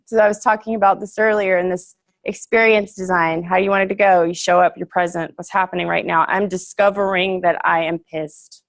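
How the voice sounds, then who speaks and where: A woman's voice: fairly low pitch, steady tone, fairly quick, few pauses. A young woman giving a casual, earnest workshop talk to a group, chatty and full of fillers, laughing easily.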